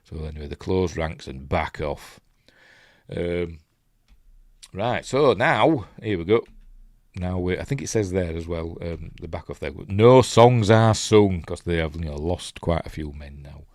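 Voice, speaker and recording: A man's voice: low voice, a little slow, no echo, studio quality. A man with a Yorkshire accent, hosting a casual film breakdown and reading out live chat in a chatty, rambling way that often loses its place. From Yorkshire, England. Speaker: host, film reviewer.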